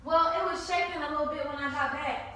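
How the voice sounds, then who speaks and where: A woman's voice: high voice, steady tone, fast. A woman arguing in a filmed vlog, defensive and pleading, talking back. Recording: echoey room, far off, with noise.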